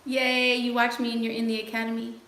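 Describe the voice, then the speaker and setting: A sassy woman laughs and uses playful slang while answering live chat on a casual livestream. Her fairly high, fairly bright voice is completely flat and fairly quick, in an echoey room with faint noise.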